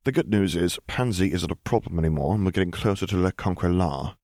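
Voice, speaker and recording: A man's voice: sits low, lively intonation, fast talker, a little mellow, no room sound, studio quality. A man voicing a wry young wizard husband. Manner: wry, joking understatement. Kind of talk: audiobook character reading.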